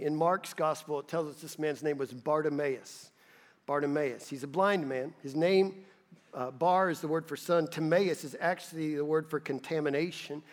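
A male pastor preaches earnestly and rises to emphatic peaks. His voice sits quite high, and a long hall reverb trails after each phrase. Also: steady tone, moderate pace. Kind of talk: sermon.

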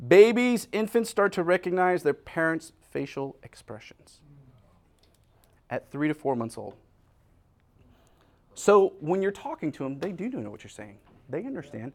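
A man preaching with a bouncy, storytelling energy, his voice swooping up and down as he plays out everyday scenes. His voice sits a touch high for a man, and he keeps turning to his congregation to pull them into the joke. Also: unhurried, pauses often. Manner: animated storyteller, acting out scenes; talks directly to the congregation. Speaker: pastor. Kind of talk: humorous conversational sermon.

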